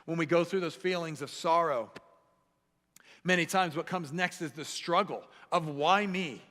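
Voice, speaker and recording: A man preaching a sermon as pastor, animated and acting out the voices he quotes. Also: a little high, normal speed. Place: church sanctuary. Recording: echoey church hall.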